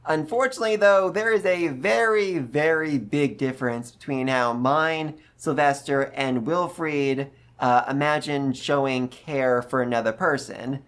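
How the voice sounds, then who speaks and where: A man hosting a casual, animated book recap who jumps into voices for the characters. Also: on the high side, a little slow, few pauses, clear, resonant tone. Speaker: book review host.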